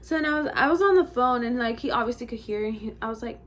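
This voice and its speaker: A woman's voice: fairly high pitch, lively intonation, fast talker. Chatty young woman telling a story. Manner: chatty, slangy, heavy use of "like" and "bro". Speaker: vlogger. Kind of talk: casual storytime while getting ready.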